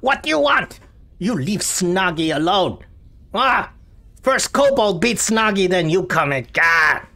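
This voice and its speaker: A man's voice: expressive, takes it slowly, sharp tone, full character voice. A man voicing a terrified, snarling goblin prisoner who talks in broken grammar. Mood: panicked. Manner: shrill, panicky, broken grammar.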